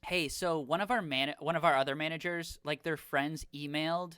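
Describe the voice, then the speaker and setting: A man's voice: fairly high pitch, fairly even intonation, moderate pace, sharp tone, clean tone, no room sound, studio quality. A young man from Minnesota co-hosting a casual podcast, telling a rambling story and acting out the quoted dialogue. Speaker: podcast co-host.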